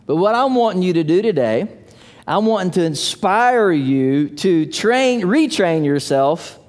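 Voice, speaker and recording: High-voiced guy pastor preaching, playful storyteller, big echoey church. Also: lively intonation, measured pace, a little mellow. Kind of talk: sermon. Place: church sanctuary. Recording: long hall reverb.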